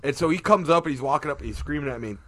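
Animated rambling male storyteller. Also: a little high, racing. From Ohio, USA. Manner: rambling, animated storyteller, acting out quotes with laughs. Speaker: podcast co-host. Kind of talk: casual storytelling chat.

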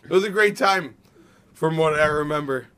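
A man co-hosting a casual podcast, telling relaxed, rambling stories and laughing at what he cannot remember. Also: a little high, normal speed, smooth. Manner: laid-back, laughs at his own memory gaps. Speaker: podcast co-host. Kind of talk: casual chat among friends.

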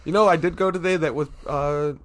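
A man's voice: a little high, steady tone, a little fast. A man with an Ohio accent co-hosting a podcast, in casual chat, rambling through stories, acting out the quoted lines in voices and laughing as he goes. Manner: laughs often while telling stories. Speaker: podcast co-host.

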